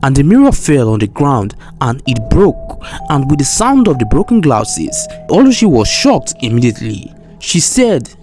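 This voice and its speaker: A man narrating a folktale in a steady, plain storytelling manner with expressive rises. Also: medium pitch, moderate pace, soft background music.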